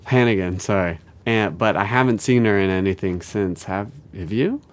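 A man's voice: lowish voice, normal speed. A man co-hosting a comedy podcast, chatting casually and cracking playful jokes. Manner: joking, playful asides. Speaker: podcast co-host.

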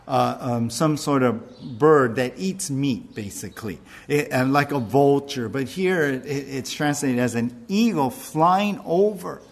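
A man preaching a sermon in a casual, conversational way, slowing down to stress key points. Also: fairly high pitch. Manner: conversational preaching with fillers and restarts, slowing for emphasis. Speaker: pastor.

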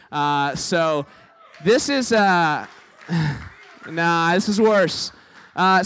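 Man, sermon, casual, fairly high-pitched, self-deprecating, keeps asking "right?". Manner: conversational, tags lines with "right?". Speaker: preacher. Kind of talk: sermon with humorous stories.

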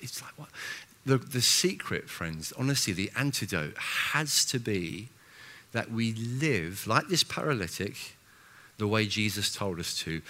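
This male preacher, a senior pastor, has a medium-pitched voice. His sermon is animated and pokes fun at himself, full of restarts and sharp shifts in volume from booming to hushed.

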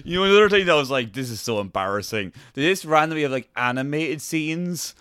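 A man's voice: fairly high pitch, animated, brisk, fairly bright tone, smooth, no echo, studio quality. A man co-hosting a casual comedy podcast, rambling through a film recap and slipping into silly character voices. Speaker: podcast co-host.

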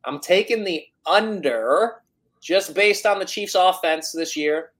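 A man's voice: high-pitched, slow pace, a bit bright. A man co-hosting a sports podcast, reasoning through his picks in a loose, hedging way. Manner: thoughtful, hedging analysis with many "like"s. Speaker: podcast co-host. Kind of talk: casual sports betting chat.

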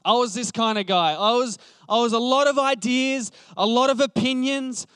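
A man's voice: extremely high pitch, normal speed, fairly bright tone, clean tone, dry recording, studio quality. A man, preaching a conversational sermon with passion, thinking aloud with restarts and fillers. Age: late 20s.

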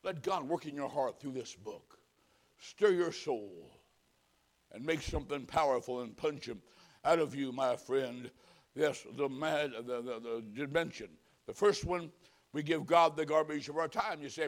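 A man preaching a sermon, telling folksy stories and swinging from loud punchlines to hushed pleading. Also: on the high side, measured pace. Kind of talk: humorous sermon.

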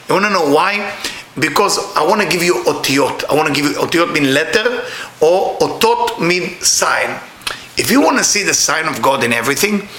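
Animated, high-voiced man preaching a sermon. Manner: animated, breaks into laughing exclamations; non-native English with slips. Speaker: spiritual teacher. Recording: echoey room with faint noise.

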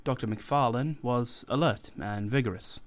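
Male narrator, audiobook reading, measured, deliberate, mid-pitched voice.

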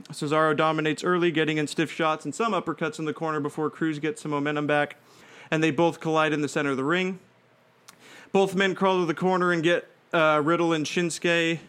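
A man's voice: on the high side, fairly bright tone, clear, resonant tone. Man rambling through a wrestling recap. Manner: rambling, frequent fillers and restarts, breaks into laughter. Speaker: fantasy wrestling show narrator. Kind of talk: play-by-play recap narration.

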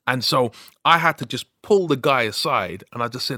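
A man co-hosting a podcast, telling a story in a casual, animated way. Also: medium pitch, normal speed, no room sound, studio quality. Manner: animated storyteller, frequent "you know what I mean". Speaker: podcast co-host.

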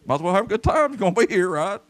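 This pastor's voice sits high and races along very quickly. At a church service, he tells stories in a folksy, animated sermon and calls out to the people in the pews.

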